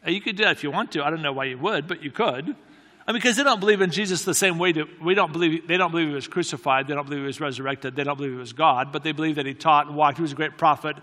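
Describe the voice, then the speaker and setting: A man's voice: fairly high pitch, rapid-fire, sharp tone. A man preaching a sermon to a live audience, telling a story in a conversational way with self-deprecating humor and repeated key phrases. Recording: long reverb of a large hall.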